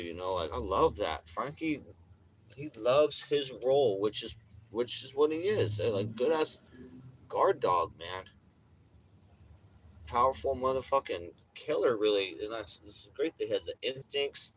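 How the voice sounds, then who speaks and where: A vlogger who is getting over a chest illness chats casually on a livestream, rambling, swearing, and laughing often. His mid-range voice is fairly bright with lively intonation and a slightly slow pace, over slight background noise.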